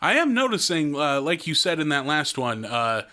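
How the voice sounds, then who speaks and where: A man in his thirties co-hosting a casual podcast chat, excitable, swearing and laughing a lot. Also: a little high, normal speed. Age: 30s. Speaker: podcast co-host.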